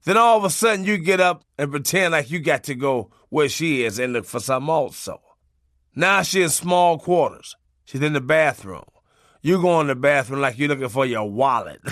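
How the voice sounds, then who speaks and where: A man's voice: medium pitch, fairly bright tone, dry recording, studio quality. A man narrating a comic memoir in a loose, profane, conversational way, laughing as he goes. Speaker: audiobook narrator.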